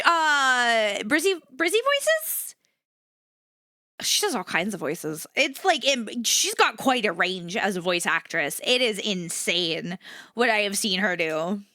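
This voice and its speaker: A young woman streaming as a VTuber, talking casually to her chat in a bright, fairly high voice. Her pitch swings widely as she shifts between upbeat energy and a flatter, low-key delivery. The sound is close and dry. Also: no echo.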